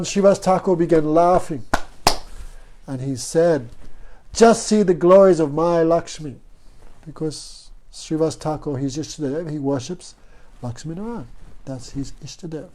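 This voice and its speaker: A man with a fairly high, dark voice teaches a devotional class. He works as a spiritual teacher, telling stories and regularly checking with his audience by asking "no?".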